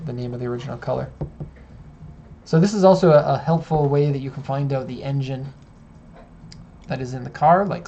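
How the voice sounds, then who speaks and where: A man's voice: mid-range voice, gravelly, warm tone, a little hiss or hum. A man hosting a casual live-stream chat, explaining car details step by step. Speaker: host.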